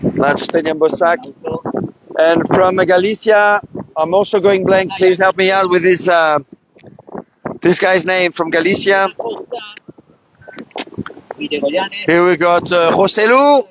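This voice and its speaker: A man giving live race commentary as announcer, excited and chatty, talking straight to viewers with many fillers, outdoors at a beach venue. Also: sits high, slow pace, pauses often. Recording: dull livestream sound with clear outdoor noise.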